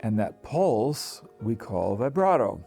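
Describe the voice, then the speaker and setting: Male voice teacher, mid pitch, relaxed explaining voice with faint music underneath. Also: takes it slowly, gravelly. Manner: relaxed, thinking aloud with restarts and sung demonstrations. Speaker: singing teacher. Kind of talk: explaining to camera.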